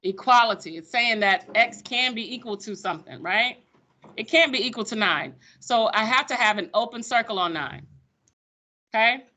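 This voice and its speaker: A woman's voice: fairly high pitch, lively intonation, moderate pace, bright, forceful tone. A woman teaching a math class, sassy and playful with her students. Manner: sassy, playful, calls students sugar baby.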